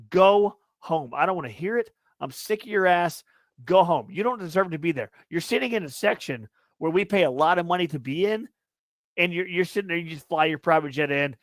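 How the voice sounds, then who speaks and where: A young man co-hosting a casual sports podcast, ranting loudly and profanely with a lot of repetition. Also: high-pitched, expressive, brisk, dry recording. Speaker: podcast co-host.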